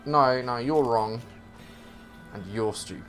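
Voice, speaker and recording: Over soft background music, a man with a medium-pitched, fairly bright voice speaks slowly while playing a co-op game with a friend. He teases the friend dryly and mock-argues in casual gaming banter.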